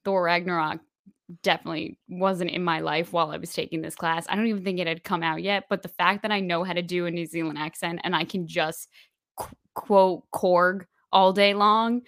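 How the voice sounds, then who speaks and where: A young woman co-hosting a casual podcast chat, friendly and quick to laugh, on a home call mic. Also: lowish voice, fairly even intonation, a bit bright, no echo, clean studio sound. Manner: friendly, laughs easily, quick back-and-forth. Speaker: podcast co-host.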